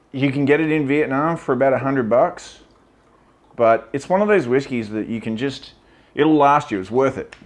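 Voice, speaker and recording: A man with a fairly low voice talks casually about whisky, blunt and opinionated, swearing freely. He chats loosely with plenty of fillers as he tastes. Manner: chatty with many fillers. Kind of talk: casual whisky tasting talk. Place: lives in Vietnam.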